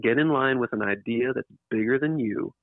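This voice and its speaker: A man's voice: mid-range voice, normal speed, dry recording. A man being interviewed about his book, talking in a rambling way with restarts and emphatic repeats. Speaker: author and interview guest. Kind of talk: casual interview talk. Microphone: computer microphone. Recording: tinny phone-like line, dry.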